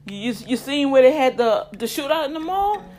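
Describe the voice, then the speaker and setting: A woman's voice: sits high, sing-song, brisk, a little mellow, faint music behind. A woman in her fifties giving heated, indignant commentary straight to her viewers, often repeating words as she gets worked up. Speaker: vlogger.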